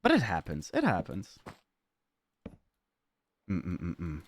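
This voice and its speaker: A man's voice: low-pitched, wildly swooping pitch, takes it slowly, a little hiss or hum. Playful German-accented man streaming. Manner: playful, swears freely, reads chat aloud and riffs on it. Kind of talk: casual live-stream chat.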